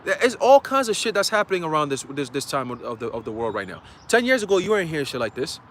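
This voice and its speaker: A man's voice: fairly high pitch, sing-song, fast talker, a bit bright, a little hiss or hum. A man preaching a casual livestream sermon in a loose, conversational way, full of fillers, reading scripture aloud.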